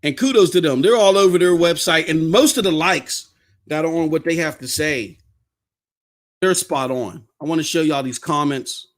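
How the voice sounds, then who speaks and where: A man hosting a live-streamed podcast, talking straight to his viewers in an animated rant that often rises to yelling. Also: on the high side, moderate pace. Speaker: podcast host.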